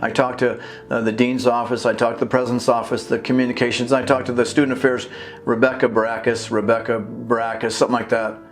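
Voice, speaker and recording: A man telling a long story in an indignant, rambling way, acting out conversations with many restarts. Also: mid-range voice. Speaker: video blogger and activist. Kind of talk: casual storytelling monologue. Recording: faint guitar music behind.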